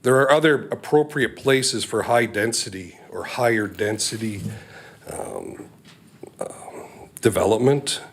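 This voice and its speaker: A man, a local resident, giving a measured public comment at a council meeting, with frequent ums and uhs. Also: medium pitch, fairly bright tone.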